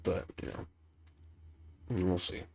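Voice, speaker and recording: A congested young man chatting offhand while playing a game, rambling and self-deprecating. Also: slow. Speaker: gaming youtuber. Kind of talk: casual gameplay commentary. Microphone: laptop setup.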